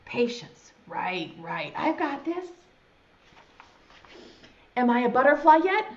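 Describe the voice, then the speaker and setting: A woman's voice: fairly high pitch, sing-song, heavily acted. A woman voicing a silly, impatient little male caterpillar who pesters with eager questions. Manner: fidgety, pestering, quick questions. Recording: dull echoey room sound.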